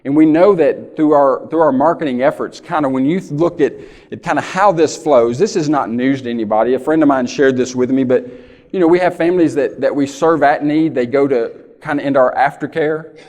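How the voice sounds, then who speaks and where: A man speaks at a middle pitch, giving a folksy keynote in a big conference hall. He tells stories and keeps asking the crowd "right?". His voice carries a long reverb off the hall. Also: a little fast, a little mellow. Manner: folksy storytelling, asks the audience "right?" often. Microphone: handheld or lapel mic.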